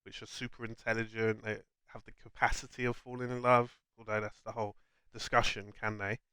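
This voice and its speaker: A man's voice: fairly low pitch, flat delivery, brisk, sharp tone, clean tone, no echo. A young man co-hosting a casual film chat, enthusiastically explaining ideas in long chains. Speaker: co-host.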